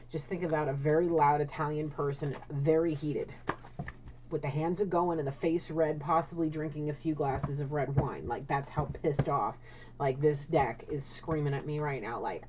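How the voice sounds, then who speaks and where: Blunt, lowish-voiced woman tarot reader. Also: a little mellow, slight background noise. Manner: blunt, swears, keeps asking "okay?". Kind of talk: casual spiritual tarot reading. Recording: dull lo-fi audio.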